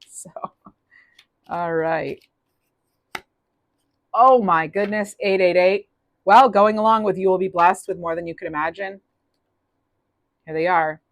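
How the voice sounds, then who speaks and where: A woman's voice: on the low side, slow pace, long pauses, dry recording. A woman giving a casual, upbeat tarot reading, chatty with many restarts. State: clearing throat, losing voice. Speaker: tarot reader.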